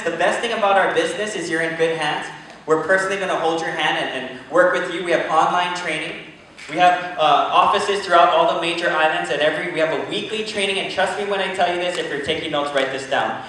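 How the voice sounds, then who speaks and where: A man giving an energetic, joking motivational speech at a business event, pushing the crowd to answer back. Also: sits high, quick pace, a little hiss or hum. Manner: energetic, joking, pushes the audience to respond. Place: large event hall. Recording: echoey hall from far off.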